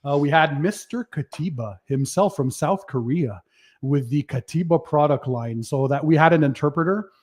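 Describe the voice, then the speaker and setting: A man hosting a casual livestream, running through a friendly list of shout-outs in an easygoing way. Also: fairly high pitch, normal speed. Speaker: livestream host, detailing channel owner.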